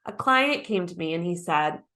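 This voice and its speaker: A woman's voice: on the low side, expressive, moderate pace, sharp tone. A woman speaking on a conference stage, talking conversationally to the audience and asking them questions. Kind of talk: conference talk.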